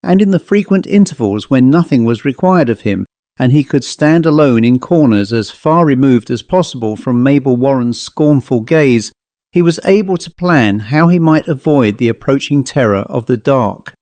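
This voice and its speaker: A man reading a short literary story aloud as an audiobook narrator, in a measured, even storytelling manner on a close microphone. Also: mid-range voice, no room sound.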